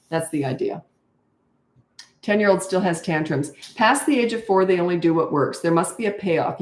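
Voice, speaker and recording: Low-voiced older woman giving blunt advice. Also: darkish tone. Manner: direct, matter-of-fact advice, acts out kids in high voices. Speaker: parenting coach. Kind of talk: live Q&A answering viewer questions. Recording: echoey room.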